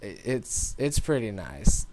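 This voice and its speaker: A man's voice: lowish voice, very animated, slow, dark tone. A man giving casual gameplay commentary, rambling and informal, talking straight to his viewers. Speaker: gaming commentator.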